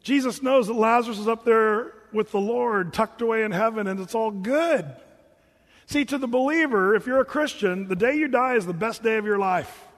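A man preaching a sermon in a relaxed, conversational way, reading scripture and adding joking asides. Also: high voice, normal speed, big-room sound.

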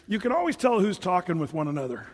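A man with a high voice preaches a sermon in a relaxed, chatty way. He moves between scripture readings and joking asides. Long reverb from a large hall trails behind him. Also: fast talker, husky.

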